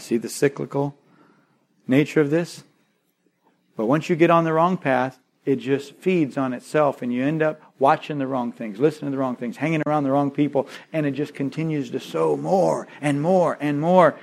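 A man preaching a sermon as pastor, swinging from loud urging to quiet intensity and repeating key phrases. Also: on the high side, moderate pace, vocal fry.

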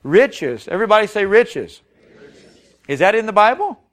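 A man's voice: high voice, sing-song, moderate pace, a bit bright. A man preaching a sermon, reading scripture and putting emphatic questions to his congregation. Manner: reads scripture aloud, then explains it plainly. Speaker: pastor.

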